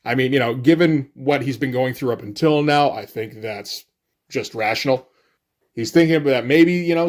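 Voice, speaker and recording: A man reviewing a comic book in casual solo commentary, relaxed and loose, swearing offhandedly. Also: mid-range voice.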